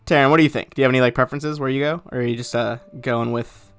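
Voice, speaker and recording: A man acting as game master for a tabletop game talks in a relaxed, rambling manner full of fillers. His voice is mid-range and smooth, and he speaks in rapid-fire bursts.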